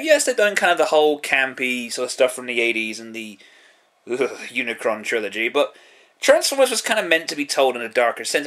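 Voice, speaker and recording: A British man talks through a show review in a bright, fairly high voice that leaps around expressively. He is sarcastic and profane, tossing in self-deprecating jokes as he chats along casually.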